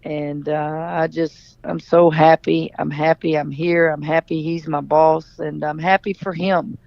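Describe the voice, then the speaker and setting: Gravelly-voiced woman coach. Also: sits low, flat delivery, measured pace, dry recording, lo-fi sound. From Louisiana. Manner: candid, emphatic storyteller. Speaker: head coach, guest. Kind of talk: radio interview.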